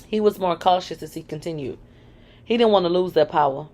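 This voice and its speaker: A woman's voice: lowish voice, a little fast, a little mellow. A woman reading a first-person memoir aloud, candid, and breaking in with sarcastic asides. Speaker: reader of a memoir.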